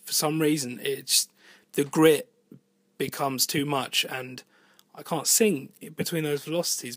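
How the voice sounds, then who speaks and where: A singer-songwriter with a fairly high voice talks casually about producing his album in a dry home voice recording. He thinks aloud and rambles through the monologue, swearing now and then.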